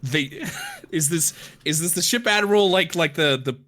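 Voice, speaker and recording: A man's voice: on the high side, lively intonation, normal speed, fairly bright tone. A man playing in a tabletop game, chatting in a playful, stumbling way. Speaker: player. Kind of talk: casual table talk.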